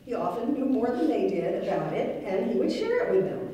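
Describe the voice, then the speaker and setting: A middle-aged woman giving a wry, gently humorous memorial tribute to her late father. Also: a little high, sing-song, brisk. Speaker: daughter giving a eulogy. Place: large synagogue hall. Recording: echoey hall, mic far off.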